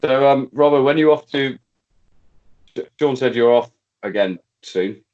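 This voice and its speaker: A man's voice: medium pitch, a little slow, muffled recording. A man co-hosting a podcast in casual chat, rambling and searching for his words in a matey way.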